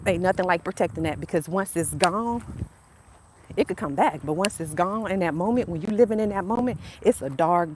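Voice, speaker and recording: A woman in her fifties with a Southern US accent, hosting a casual motivational livestream outdoors on a phone and talking straight to her viewers, repeating herself as she goes. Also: fairly low pitch. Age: 50s. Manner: chatty, repeats herself, addresses viewers directly. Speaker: channel host. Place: outdoors on a narrow sidewalk by a road. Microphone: phone propped up. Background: faint passing traffic.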